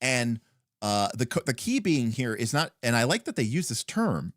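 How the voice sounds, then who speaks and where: Guy hosting a late stream, rambling and thinking out loud, lots of um and you know, dry close sound. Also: mid-range voice, very animated, moderate pace, no echo. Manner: rambling, thinking aloud with many fillers. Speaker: stream host. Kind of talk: casual livestream commentary on a tabletop rulebook.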